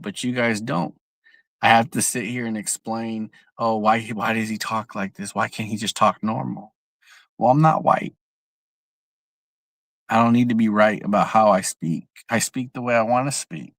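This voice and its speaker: A man's voice: on the low side, dry recording. Blunt, profane young man ranting on a livestream. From San Jose, California. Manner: blunt, profane, repeats himself. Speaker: livestream host. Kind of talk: casual livestream rant. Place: outdoors.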